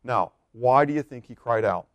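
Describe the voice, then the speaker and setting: A man's voice: mid-range voice, lively intonation, moderate pace, dry recording. A man preaching a sermon in a loose, conversational way, asking the congregation questions and laughing now and then. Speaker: pastor.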